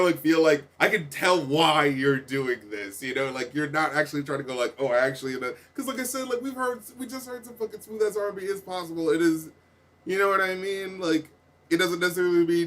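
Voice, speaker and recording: A man's voice: on the high side, fast. A man reviewing an album in casual commentary, ranting with lots of swearing and fillers. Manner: profane, exasperated ranting; heavy filler talk. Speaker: music critic.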